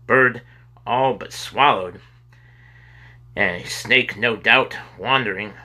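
A man reading a children's chapter book aloud with expressive delivery. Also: lowish voice, breathy edge. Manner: expressive reading with sudden loud cries for characters. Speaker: storybook reader. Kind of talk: children's story read aloud.

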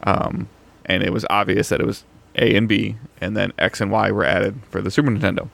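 Gravelly low-voiced male podcast co-host. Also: fairly bright tone. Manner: halting, many fillers and restarts. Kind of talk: casual chat.

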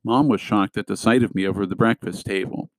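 A man narrates a novel in a fairly low, steady voice. He reads it as scripted narration and gives the characters small shifts in tone. The recording is dry and close, with almost no room sound. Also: brisk, no echo, rough recording. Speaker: audiobook reader.

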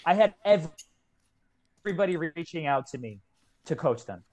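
A man's voice: fairly high pitch, animated, moderate pace, a little mellow. A man in his twenties, a kettlebell coach, telling his story as a podcast guest in an earnest, heartfelt way. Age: 20s. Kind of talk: casual podcast conversation.

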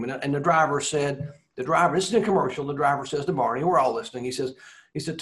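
A man who was a racing broadcaster, telling rambling, animated anecdotes in a casual interview. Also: on the high side, fast talker.

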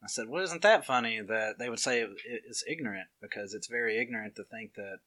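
A young man with a thick Alabama Southern accent talks casually in a bright, forward tone. He wanders through his points with fillers and false starts, animated when telling a story. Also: lowish voice, fast talker. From Walker County area, Alabama. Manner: rambling, many restarts and fillers, animated storytelling. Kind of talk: casual chat.

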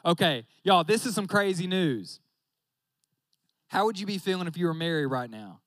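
High-voiced young preacher joking with the crowd. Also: male voice, expressive, moderate pace, fairly bright tone, no room sound. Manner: joking, talks straight to the audience with "y'all". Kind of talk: casual sermon.

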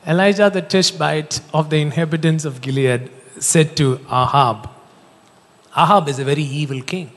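Male preacher, fairly high voice, animated storytelling sermon in a reverberant hall. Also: normal speed. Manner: animated storytelling, jokes and laughs.

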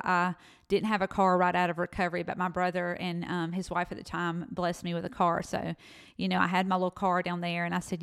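A woman's voice: lowish voice, clear, resonant tone. A woman in her thirties with a Southern US accent, co-hosting a podcast and telling her faith testimony in a chatty way that addresses listeners as y'all. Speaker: podcast co-host. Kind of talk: personal faith testimony storytelling.

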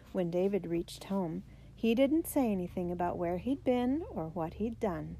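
A woman narrating a children's biography storybook, reading the characters' lines with raised pitch and emphasis. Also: expressive, measured pace, dark tone, slight background noise. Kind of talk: storybook read-aloud.

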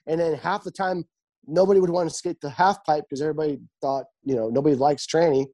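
A young man with a husky, slightly rough voice and a dark, mellow tone. He tells stories in casual chat, swearing freely and acting out every quoted line. The energy is lively and the delivery loose. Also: on the high side, quick pace. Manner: animated, swears freely, acts out quoted dialogue.

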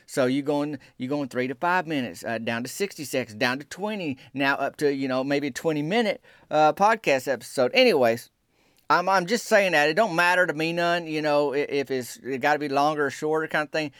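A man rambles through a comic podcast monologue in a folksy, excitable way. His voice sits a touch higher than most men's. The sound is close and dry, with no room echo. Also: brisk, clear, resonant tone. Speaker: podcast host.

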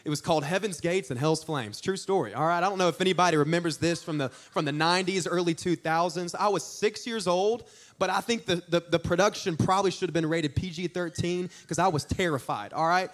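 High-voiced young preacher. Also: male voice, brisk. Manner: animated, jokey storytelling with audience asides. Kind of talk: storytelling sermon.

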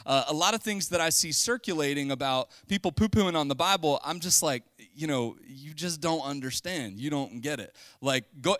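A man's voice: on the high side, fairly bright tone, dry recording. Joking, conversational male pastor preaching. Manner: conversational, joking, with bursts of emphasis. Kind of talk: casual sermon. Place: church sanctuary.

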